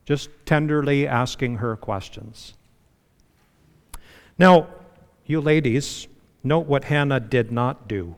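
A man preaching a sermon in a relaxed, conversational way, full of "you know"s and dropping to a hushed voice to stress a point. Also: mid-range voice, slow pace, long pauses, big-room sound. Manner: conversational preaching with frequent you-knows, dropping to a hush for emphasis. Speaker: pastor.

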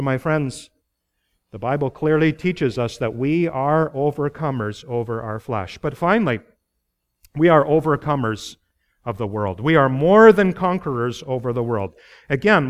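Earnest preacher man, higher-pitched. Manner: earnest preaching, rising emphasis on key phrases, asks the congregation questions; laughs lightly between points. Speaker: pastor. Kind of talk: sermon.

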